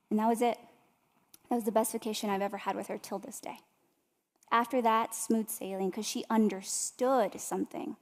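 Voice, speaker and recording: A woman's voice: medium pitch, steady tone, a little fast. A woman giving an inspirational talk and telling stories straight to her audience. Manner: storytelling, addresses the audience directly. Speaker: motivational speaker. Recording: long hall reverb.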